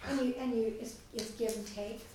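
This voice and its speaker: A woman teaches a small parenting group, chatty and storytelling. Her voice sits a little high. She is recorded from across the room, with heavy room echo. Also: fairly even intonation, moderate pace, background noise. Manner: chatty, acts out quoted voices. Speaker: parenting class leader. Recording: echoey room, mic far off.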